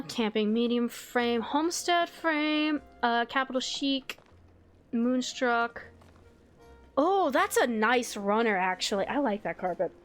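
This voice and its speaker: A woman streaming a video game with a fairly high voice. She reads menu items aloud, swears freely and gets excited easily. Faint game music runs underneath her chatter. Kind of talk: casual live game stream commentary.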